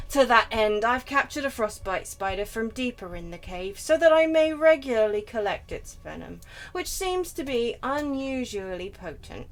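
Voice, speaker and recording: Fields: A woman voicing a gloomy vampire scholar, reading his journal aloud in a flat, half-hearted way. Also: on the high side, lightly acted.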